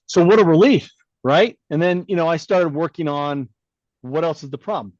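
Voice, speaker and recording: Animated middle-aged man telling a story. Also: a little high, normal speed, dry recording, muffled recording. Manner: animated storyteller who acts out quoted dialogue; blunt, swears casually. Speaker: podcast co-host. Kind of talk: casual storytelling chat.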